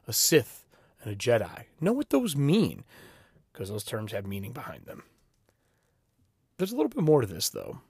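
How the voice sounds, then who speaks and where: Animated man with a lively voice. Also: mid-range voice, no room sound, clean studio sound. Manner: animated, emphatic, swears casually. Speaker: game master giving advice. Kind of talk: casual advice talk.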